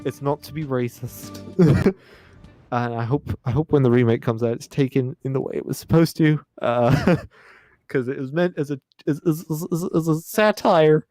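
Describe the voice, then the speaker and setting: A man's voice: medium pitch, moderate pace, mellow, no echo, studio quality, faint music behind. A man hosting a let's play, chatting casually about voice actors with lots of restarts and enthusiasm. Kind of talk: casual gameplay commentary.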